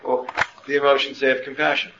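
A man lectures a class in a middle-pitched voice, tossing out rhetorical questions and restarting his sentences as he works through an idea. The recording is muffled and roomy, with a faint hum of ambience behind him. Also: little pitch movement, quick pace. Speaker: Torah teacher.

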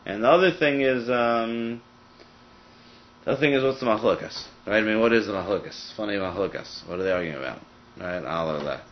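A man leads a Talmud study group at a brisk clip, working through the text aloud with frequent "I mean" asides. The recording is dull and lo-fi, with a muffled top end. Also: lowish voice, slight background noise. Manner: fast, thinking aloud with many "I mean" asides. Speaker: Talmud teacher. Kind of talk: casual study-group teaching.

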